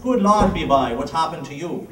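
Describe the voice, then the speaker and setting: A man putting on a loud bartender. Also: fairly high pitch, expressive, moderate pace, a little hiss or hum. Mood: incredulous. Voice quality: loud, exclaiming brogue. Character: blustery Irish pub bartender, older man. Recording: echoey hall, distant mic, music.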